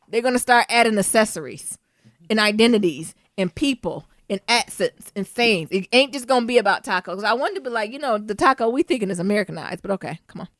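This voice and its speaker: A young adult woman co-hosting a podcast in casual chat, animated and slangy, often laughing. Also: medium pitch, fairly quick, no room sound, clean studio sound. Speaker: podcast co-host.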